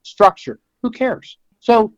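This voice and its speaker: This is an older man from the United States talking about his work in an easygoing, folksy way, slipping into other people's voices as he tells his stories. His voice sits a bit high for a man, and the recording is dry and close, with no room sound. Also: animated, slow pace, no echo, lo-fi sound. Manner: folksy storyteller, acts out quoted voices. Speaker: veterinarian guest. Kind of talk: conversational interview.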